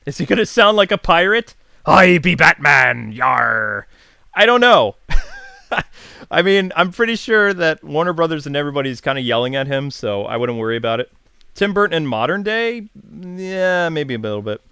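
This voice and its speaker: A man's voice: a little high, brisk, sharp tone, clear, resonant tone, dry recording. A man hosting a casual video channel, chatting enthusiastically and answering viewer questions with frequent fillers and self-corrections. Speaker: YouTube host.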